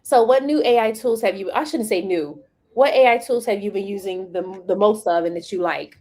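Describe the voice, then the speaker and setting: Speaking fairly quickly in a mid-range voice, this business live stream host keeps the chat casual and playful. She's animated and acts out the quotes she shares.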